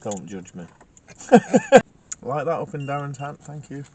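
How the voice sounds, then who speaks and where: A man's voice: mid-range voice, expressive, fairly quick. A man, a paranormal investigator who chats casually, jokes and laughs often while he asks the spirits direct questions. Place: inside a car at night. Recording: noisy field recording.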